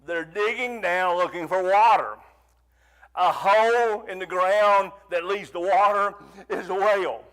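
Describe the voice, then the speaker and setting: A man preaching a fervent sermon, rising to near shouts and pleading prayers. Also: high-pitched, unhurried.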